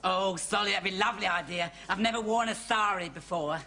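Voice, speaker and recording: A man's voice: sits high, a little fast, gravelly, bright, forceful tone, full character voice. An actor playing a camp, touchy male soldier entertainer with a fussy manner, in 1970s sitcom style. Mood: delighted.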